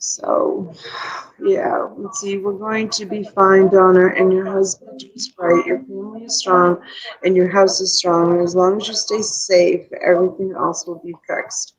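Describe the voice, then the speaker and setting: A woman's voice: mid-range voice, little pitch movement, measured pace, breathy edge, rough recording. A woman hosting a casual live stream, emotional and tearful, rambling and reading out viewer comments.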